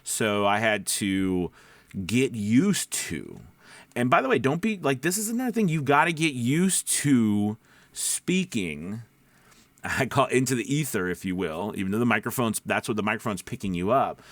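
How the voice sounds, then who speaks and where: A man, a voice-over actor, giving casual advice that drifts off topic and back, speaking low from the back of his throat. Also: lively intonation, normal speed, no echo. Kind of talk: casual advice talk to camera. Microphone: studio microphone.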